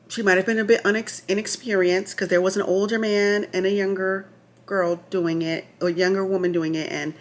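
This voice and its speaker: A woman vlogger telling the story of her labor in a chatty, animated way, full of asides and restarts, sometimes checking her notes. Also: mid-range voice. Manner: reads from notes at times. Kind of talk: casual storytelling to camera.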